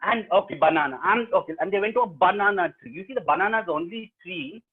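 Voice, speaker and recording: An Indian man telling a children's story to an audience in a lively, sing-song, interactive way. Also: high-pitched, fast, husky. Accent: Indian English. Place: at home on a webinar. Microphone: video call. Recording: tinny video call audio.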